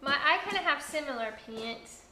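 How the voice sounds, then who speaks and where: A young woman in her twenties chatting and telling stories on a home kitchen livestream, lively and quick to laugh. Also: sits high, background noise. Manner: lively, laughing storyteller who reads out viewer comments. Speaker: co-host of a livestream. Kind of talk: casual chat, storytelling. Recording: roomy kitchen echo.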